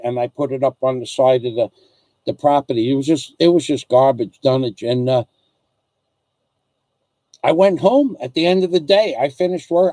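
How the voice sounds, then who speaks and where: A man's voice: medium pitch, mellow, no echo. A middle-aged man hosting a casual chat, telling rambling stories and reading out viewer comments, often repeating himself as he goes.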